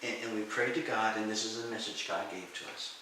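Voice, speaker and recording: A middle-aged man telling lively stories in an interview, acting out the voices of people he quotes and laughing often. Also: fairly low pitch, quick pace. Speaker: interview guest, martial arts and healing teacher. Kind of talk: storytelling in a conversational interview. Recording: echoey room, far from the mic, faint hiss.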